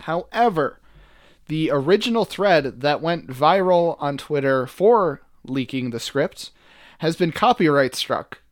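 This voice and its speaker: A man's voice: fairly high pitch, expressive, measured pace, dry recording, clean studio sound. A young man co-hosting a podcast, talking in a joking, rambling way with many fillers. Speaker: podcast co-host. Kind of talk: casual chat.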